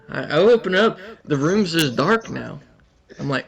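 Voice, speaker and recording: A young man telling a rambling, crude story in casual chat, animated and often laughing. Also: on the high side, normal speed, vocal fry.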